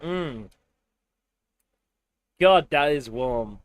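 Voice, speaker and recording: A male streamer making sarcastic, crude jokes over his gameplay, with a fairly high voice that moves around a lot. Game music plays clearly behind him. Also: expressive, drawn-out words, dry recording. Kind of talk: casual gameplay commentary.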